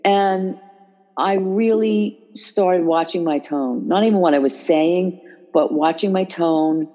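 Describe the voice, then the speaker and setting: A woman hosting a casual podcast chat about caregiving, animated and full of restarts and fillers. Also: lowish voice, takes it slowly, dull audio, soft background music. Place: New York.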